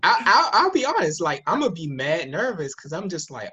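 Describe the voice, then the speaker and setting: A man's voice: on the high side, big pitch swings, moderate pace, bright, forceful tone, slightly rough. A man in casual chat, speaking candidly in a rambling, slangy way.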